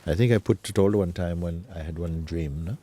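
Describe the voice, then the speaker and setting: A man acting as a spiritual teacher, talking gently and unhurriedly in an informal talk, often adding tag questions like "you see". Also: low voice, moderate pace, husky.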